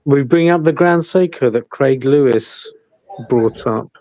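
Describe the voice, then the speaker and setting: A man of medium pitch co-hosting a livestream chat, measured and thoughtful. The sound is dry and close, with no room echo. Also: darkish tone.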